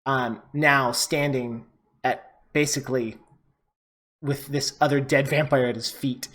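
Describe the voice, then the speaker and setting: A man's voice: mid-range voice, a bit bright. A man narrating as game master of a tabletop game, casual and full of fillers.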